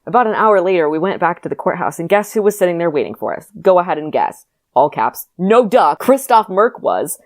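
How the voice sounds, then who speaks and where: A woman podcast host reading her own childhood story aloud, expressive and joking. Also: fairly low pitch, fast talker, hardly any pauses.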